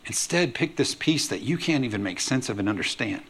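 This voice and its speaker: A man preaching a sermon to a congregation as pastor, emphatic and lively, often asking the room if they are with him. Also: mid-range voice, a little fast. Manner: emphatic preaching with call-and-response questions to the congregation. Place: church sanctuary.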